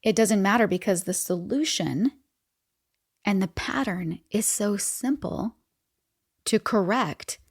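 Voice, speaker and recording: A woman's voice: medium pitch, lively intonation, takes it slowly, pauses often, husky. A middle-aged woman hosting a podcast, giving casual motivational talk in a conversational way, with frequent laughs and fillers. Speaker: podcast host.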